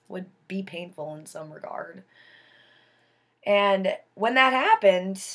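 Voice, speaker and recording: A young woman telling a personal story to her viewers in an earnest, emphatic way. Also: medium pitch. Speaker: vlogger.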